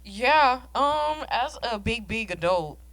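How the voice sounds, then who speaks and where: A woman's voice: fairly high pitch, lively intonation, slow, a bit bright, dry recording. A woman in her twenties co-hosting a podcast, talking casually and candidly, rambling with lots of fillers and the odd swear. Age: 20s. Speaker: podcast co-host. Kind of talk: casual chat.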